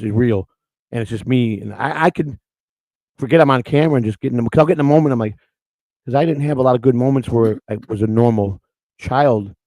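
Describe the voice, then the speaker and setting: Brief: outspoken middle-aged male host, quick rambling delivery, fry in the voice, dry mic. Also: mid-range voice, darkish tone, dry recording, poor audio. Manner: outspoken, rambling with many restarts. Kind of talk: casual storytelling on camera.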